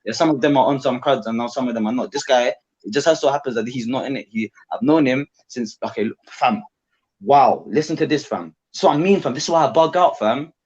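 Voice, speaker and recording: A man's voice: medium pitch, fast, a little mellow, slightly rough, muffled recording. A man rambling and repeating himself in slang-heavy talk as a guest on a live online panel.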